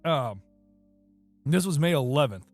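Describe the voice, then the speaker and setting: Casual podcast co-host, man, animated and bouncy pitch, slightly high voice, faint music behind. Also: a little slow. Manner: chatty, laughs often, animated storytelling. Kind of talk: casual chat.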